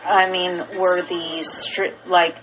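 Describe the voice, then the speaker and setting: A woman's voice: lowish voice, level tone, slow, crowd noise, low-quality recording. A woman co-hosting a casual podcast, explaining things in plain terms and asking leading questions. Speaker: podcast co-host. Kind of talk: casual chat.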